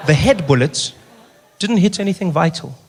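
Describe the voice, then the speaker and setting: A man doing stand-up comedy, animated and exasperated, acting out dialogue. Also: fairly high pitch, normal speed, slight background noise.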